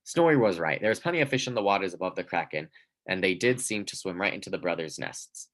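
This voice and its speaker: A man reads a children's storybook aloud with a lively, expressive delivery. His voice sits very low. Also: quick pace, low-quality recording. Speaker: narrator. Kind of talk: storybook reading.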